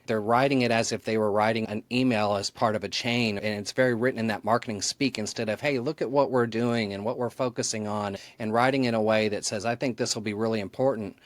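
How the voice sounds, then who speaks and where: This marketing author, a podcast guest, talks fast with a steady tone and barely pauses, his fairly low voice captured in a dry recording. In this conversational interview, he lays out his ideas earnestly and thoughtfully.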